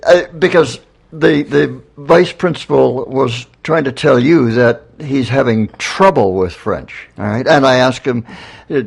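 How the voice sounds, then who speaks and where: Slow gravelly-voiced man. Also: mid-range voice. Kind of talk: talk show interview.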